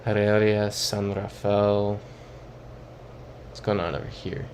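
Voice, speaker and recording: A man's voice: fairly low pitch, level tone, slow pace, a little mellow, a little hiss or hum. A young man streaming a geography guessing game, thinking aloud and reading chat messages in a casual, muttering way. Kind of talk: casual live-stream commentary.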